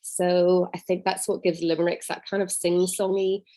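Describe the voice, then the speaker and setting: A woman teacher giving a recorded lesson to pupils, in a gentle, encouraging way with clear enunciation. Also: on the low side, level tone, moderate pace.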